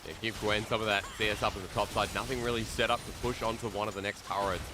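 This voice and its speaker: A young Australian man calling esports play-by-play, whose rapid calls climb to shouts during fights. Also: fairly low pitch, level tone, noisy background.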